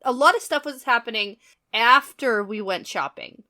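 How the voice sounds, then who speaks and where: A woman with a slightly high voice co-hosts a casual book podcast. She talks in a chatty, easygoing way, laughs often and throws in quick asides. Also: sharp tone. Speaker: podcast co-host.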